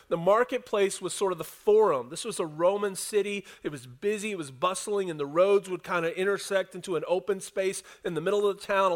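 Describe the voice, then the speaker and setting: A man preaching a sermon, retelling a scripture passage and acting out the quotes while speaking to the congregation. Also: high voice. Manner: animated preacher, acts out quotes, talks to congregation. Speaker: pastor.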